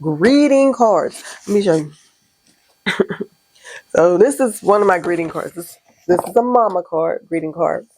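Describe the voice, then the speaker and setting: Lively woman vlogger, low dry voice. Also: moderate pace, pauses often, no echo, rough recording. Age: middle-aged. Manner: animated storytelling, laughs often, acts out her own reactions. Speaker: small business owner vlogging. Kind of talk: casual vlog chat. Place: home studio.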